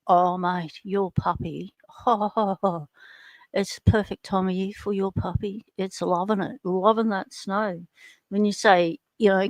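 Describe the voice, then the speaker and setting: A woman's voice: medium pitch, fairly even intonation, a little slow, no echo, studio quality. A middle-aged Australian woman hosting a casual livestream, chatting and greeting viewers by name. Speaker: livestream host.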